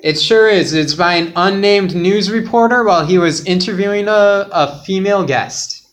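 A man with a slightly high voice hosts a casual podcast quiz. He jokes in a laid-back way and sometimes lets his words trail off quietly. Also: normal speed. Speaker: podcast host running a quiz game.

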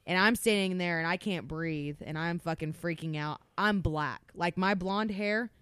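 A young woman on a podcast telling a story in an animated way, swearing constantly. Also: on the low side, moderate pace, clear, resonant tone, no room sound. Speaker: podcast co-host. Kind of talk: casual storytelling.

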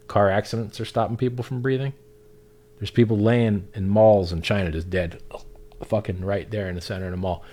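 Profane ranting man, lowish voice. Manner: angry, profane, sarcastic ranting; mocks others in raised mimicking voice. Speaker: livestreamer. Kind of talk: ranting livestream monologue.

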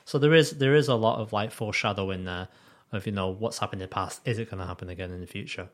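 A man's voice: fairly low pitch, fast. A man, a podcast co-host in casual chat, acting out characters' lines as he retells scenes.

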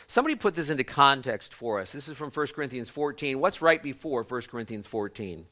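A man's voice: medium pitch, sing-song, brisk, hardly any pauses, pushed and bright. A man, a pastor, preaching a sermon to a congregation. He tells stories, restarts words mid-phrase, and puts questions to the listeners.

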